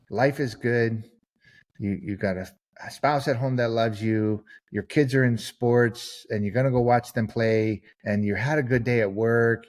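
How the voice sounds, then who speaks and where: A man of average pitch speaks as a podcast guest, earnest and conversational. He tells long stories and slips into the voices of the people he describes. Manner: earnest storyteller, acts out quoted people. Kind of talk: conversational interview answer.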